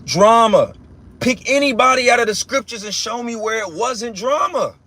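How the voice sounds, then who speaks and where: A young man with a husky, breathy voice preaches in a loose, talky way, swearing freely and circling back over his own words. His voice sits high for a man, and he presses his points hard. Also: a little fast, pushed and bright. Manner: emphatic, profane and repetitive, with many restarts. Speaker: religious teacher. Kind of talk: casual spiritual rant.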